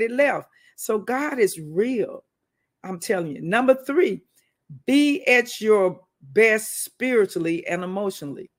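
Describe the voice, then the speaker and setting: A woman minister giving a preaching-style teaching talk, conversational, telling personal stories and calling out to her listeners. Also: lowish voice. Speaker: minister teaching a weekly wisdom segment.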